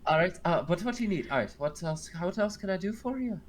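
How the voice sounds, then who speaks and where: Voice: medium pitch, animated, fast, a loud crowd, natural voice. A game master voicing a motherly, joking woman cook in a put-on Scottish accent, rambling with fillers. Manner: chatty, teasing, many fillers and self-corrections. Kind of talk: tabletop role-play.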